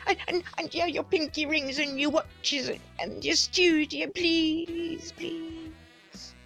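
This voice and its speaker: A woman putting on a melodramatic, pleading poor believer who begs to give money, stretching her words out slowly. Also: extremely high pitch, flat delivery, a bit bright, faint music behind, voice pushed up, exaggerated voice. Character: pleading poor devout woman begging to donate.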